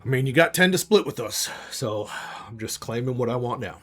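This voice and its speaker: A man voicing a blunt, vain, pipe-smoking sellsword in a tabletop game, speaking in a gruff, dry way. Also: medium pitch, expressive, a little fast, a bit bright, soft background music.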